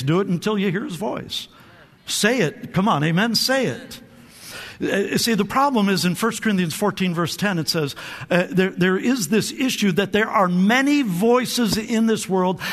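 A man's voice: high-pitched, lively intonation, moderate pace, fairly bright tone. A male pastor preaching a sermon with lots of energy, calling on the congregation to answer back and often repeating his words as he restarts. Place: church sanctuary. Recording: long hall reverb.

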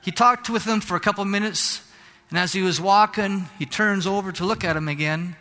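A man pastor delivers a fervent sermon, climbing to shouts and dropping into Spanish phrases now and then. His voice sits high and bright. It rings out with a long hall reverb behind it. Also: moderate pace. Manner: fervent preaching, rising to shouts.

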